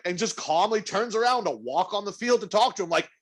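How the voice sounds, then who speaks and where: His voice sits high and his delivery is brisk, with hardly a pause. He's co-hosting a podcast, chatting casually and telling an animated story peppered with swearing and performed quotes.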